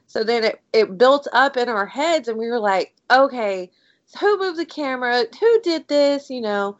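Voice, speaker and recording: A woman co-hosting a podcast, telling a story in a casual, animated way and saying "like" a lot. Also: on the high side, moderate pace, no room sound. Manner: animated, excitable storyteller, heavy use of "like". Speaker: podcast co-host. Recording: dry, dull lo-fi audio.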